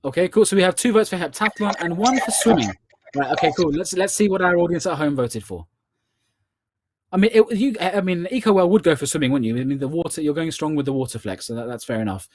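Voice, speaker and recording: Chatty Scottish quiz host, man, a little high-pitched, close and dry. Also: animated, no echo. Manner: chatty, repeats questions slowly. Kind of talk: online charity quiz hosting.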